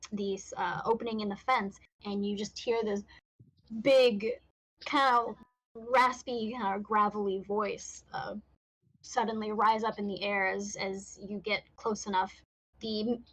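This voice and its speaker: A woman's voice: medium pitch, a bit bright, poor audio. Middle-aged woman running a tabletop game. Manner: laughing often, halting restarts. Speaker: game master.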